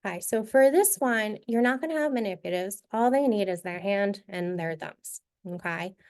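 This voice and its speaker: Speaking at a moderate pace with lively intonation, a woman models a reading activity step by step for a teacher-training session. Her voice sits at a medium pitch, is slightly mellow, and her delivery is clear and instructive.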